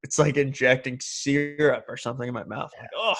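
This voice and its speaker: A man's voice: mid-range voice, fairly even intonation, a little fast, creaky, fairly bright tone, soft background music. Laid-back man joking on a podcast. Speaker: podcast co-host. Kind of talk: casual chat.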